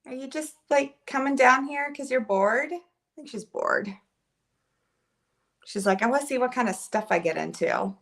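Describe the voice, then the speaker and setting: A woman's voice: fairly high pitch, pushed and bright. A woman chatting casually at home with viewers of her live stream, rambling and using many filler words, recorded by a camera on a holder. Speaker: livestream host.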